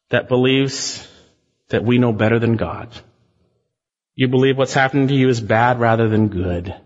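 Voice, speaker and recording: A man's voice: mid-range voice, long reverb tail, lo-fi sound. A male pastor preaching a sermon in an earnest, emphatic way, speaking straight to his congregation.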